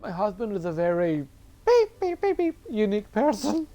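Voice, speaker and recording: A woman's voice: mid-range voice, sing-song, a little fast, dark tone, soft background music, natural voice. A woman reading the lines of a fifty-year-old woman passenger who chats wryly about her life, in close to her own voice. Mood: confiding.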